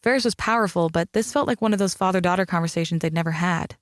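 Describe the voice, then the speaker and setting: A man narrating a mystery audiobook in an even, steady storytelling manner. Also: sits high, quick pace, few pauses, no room sound, clean studio sound. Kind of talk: scripted narration.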